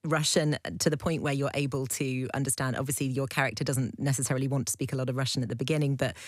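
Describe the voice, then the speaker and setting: A woman's voice: a bass voice, steady tone, fast, no echo, clean studio sound. A woman interviewing an actress, enthusiastic and full of compliments. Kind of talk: friendly interview chat.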